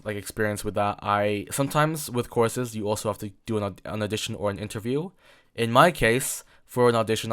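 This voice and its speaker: A man's voice: on the low side, a bit bright, clear, resonant tone. A young man in his late teens from England, talking alone in a rambling podcast, full of fillers and repeated words. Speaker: podcast host. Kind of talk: solo rambling chat.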